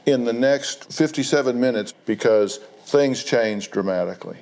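A man's voice: medium pitch, moderate pace, vocal fry, darkish tone. A male talk show host asking direct, pressing interview questions.

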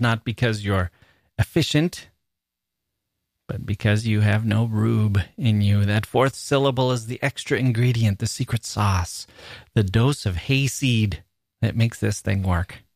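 A man's voice: on the low side, normal speed, no room sound, clean studio sound. A man with an American accent hosting a podcast, reading listener mail aloud in a playful, jokey and self-mocking way. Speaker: podcast host. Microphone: studio microphone.

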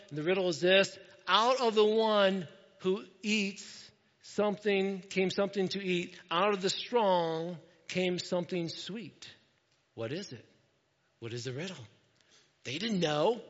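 High-voiced guy preaching, jokey and animated, dull sound with long hall reverb. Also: a little slow. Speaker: pastor. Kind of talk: sermon.

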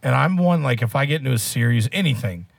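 A man's voice: mid-range voice, lively intonation, fast talker, creaky, no room sound. A man co-hosting a casual chat, ranting with heavy swearing. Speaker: podcast co-host.

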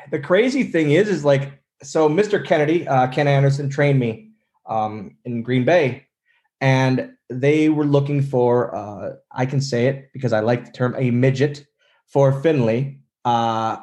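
A man in his thirties, a former wrestler, telling stories in a casual interview and acting out other people's lines. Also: medium pitch. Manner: animated storyteller, acts out quotes.

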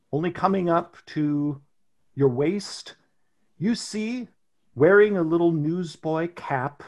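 A man narrating a tabletop game as game master, setting scenes slowly and deliberately. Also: a little high, darkish tone.

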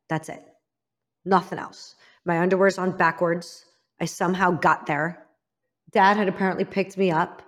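A woman from Illinois telling her own story as an interview guest, frank and emphatic, dropping to a hushed voice for the painful memories. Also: on the low side. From Illinois, United States. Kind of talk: candid personal storytelling.

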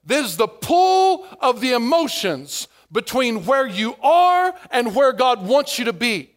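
A male pastor preaching a sermon in an animated way, acting out inner voices as he goes. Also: extremely high pitch, slow pace.

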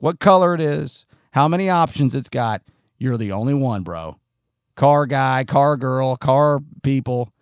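Man, blunt profane rant, pitch swinging up and down, dry close sound. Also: dry recording. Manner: blunt, profane and ranting, acts out angry drivers. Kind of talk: opinionated monologue.

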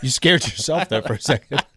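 A man's voice: medium pitch, animated, normal speed, sharp tone, husky, no echo. A male radio co-host in studio banter, tossing in wry joking asides. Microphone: studio mic.

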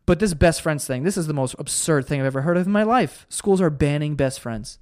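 A man's voice: on the high side, no room sound, clean studio sound. A young man hosting a solo podcast, ranting in a heated, profane and sarcastic way. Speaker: podcast host.

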